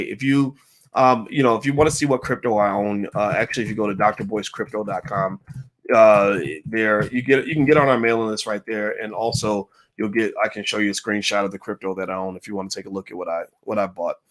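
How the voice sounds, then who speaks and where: A man hosting a casual livestream, answering viewer questions in an emphatic, animated way with mocking asides. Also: medium pitch.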